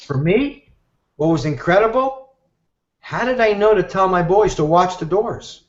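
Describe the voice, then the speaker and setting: A man telling a story in an animated way and acting out the voices of the people he quotes, heard over a live video call. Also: high voice, measured pace. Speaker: guest teacher. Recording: echoey, dull video-call audio.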